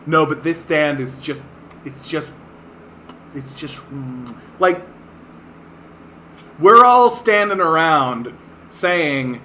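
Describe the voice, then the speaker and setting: A man's voice: fairly high pitch, expressive, slow pace, pauses often, pushed and bright. A man from Canada hosting a livestream, ranting in exasperated disbelief, swearing and laughing at what he reads. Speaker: livestream host.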